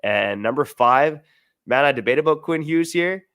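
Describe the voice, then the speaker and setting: A young Canadian man co-hosting a sports podcast, going through his picks in a steady, list-like way with frequent "uh"s. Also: medium pitch, moderate pace, no room sound, studio quality. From Surrey, Canada. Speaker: podcast co-host. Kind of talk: sports podcast rundown and ad read.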